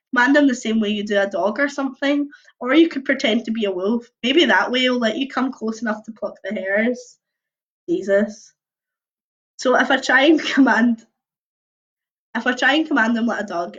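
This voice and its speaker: A young woman reading a choose-your-own-adventure book aloud on a livestream, mixing lively narration with casual chatty asides. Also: on the high side, moderate pace. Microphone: computer or phone mic on a video stream. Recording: dull lo-fi livestream audio.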